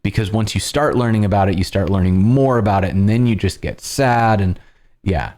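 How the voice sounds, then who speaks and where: A man hosting a livestream, explaining casually in a loud projected presenter voice with plenty of fillers, close on a compressed studio mic at home. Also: fairly low pitch, fairly quick. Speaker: livestream host. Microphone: studio dynamic microphone with compression.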